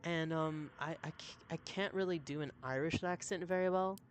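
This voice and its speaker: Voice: medium pitch, normal speed, slight background noise. A streamer giving cheerful live commentary while playing a game and reading chat messages aloud. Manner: chatty, upbeat, reads chat aloud.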